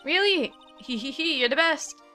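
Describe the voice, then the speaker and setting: A woman's voice: sits high, expressive, normal speed, sharp tone, soft background music, pitched above the performer's own voice. A woman voicing a bubbly young female circus animal tamer in a sing-song, childlike, gushing manner.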